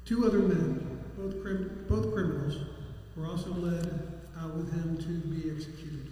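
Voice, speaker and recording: Man, high voice, scripture reading, halting delivery, very echoey long-reverb hall. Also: warm tone. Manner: halting, with restarts. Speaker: scripture reader.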